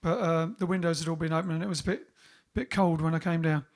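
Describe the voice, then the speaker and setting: A man's voice: fairly high pitch, steady tone, fast. A man hosting a casual livestream from home, reading out viewers' greetings one by one in a chatty way. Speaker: bandleader and livestream host. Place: home during lockdown.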